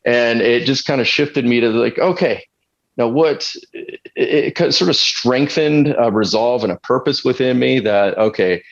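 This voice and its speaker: A man's voice: medium pitch, vocal fry. A man who works as a fitness coach, chatting casually on a podcast, full of restarts and fillers and laughing now and then. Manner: halting, many restarts and fillers; laughs now and then while telling stories. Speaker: fitness coach and retreat leader. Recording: dull lo-fi sound.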